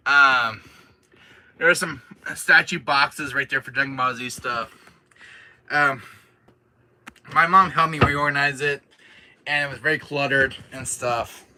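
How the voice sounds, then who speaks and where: A man's voice: fairly high pitch, pushed and bright. A young man chatting casually on a live stream, rambling with lots of fillers and restarts. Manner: rambling, many fillers and restarts, laughs often.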